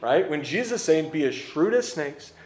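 A man's voice: fairly high pitch, very animated, moderate pace, darkish tone. A man preaching a conversational sermon to a congregation in a church, with casual, joking asides to the crowd. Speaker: pastor. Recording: roomy church hall echo.

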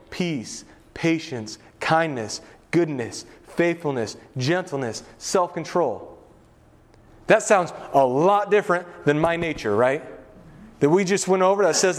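Middle-aged man, pastor, relaxed sermon, anecdotes and fillers, somewhat high-pitched. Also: slow. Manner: conversational, anecdotal, frequent fillers and asides. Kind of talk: casual sermon teaching.

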